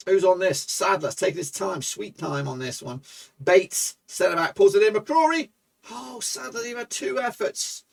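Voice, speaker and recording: A man commentating his own football management game for viewers, excitable and swearing, shouting at goals. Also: high voice, creaky, far from the mic. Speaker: gaming YouTuber.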